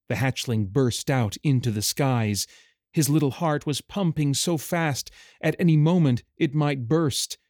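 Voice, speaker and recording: A man narrates a fantasy story with a measured, even delivery. His pace is very unhurried and his pitch sits in the middle. The sound is close and dry, with no room behind it. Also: no echo. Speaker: audiobook narrator.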